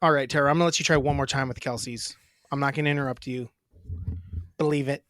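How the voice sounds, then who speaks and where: A man's voice: mid-range voice, steady tone, quick pace, fairly bright tone, no echo, studio quality. A man co-hosting a sibling sports podcast, casual and joking, swearing freely as he coaches his sister. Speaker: podcast co-host. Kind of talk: casual chat.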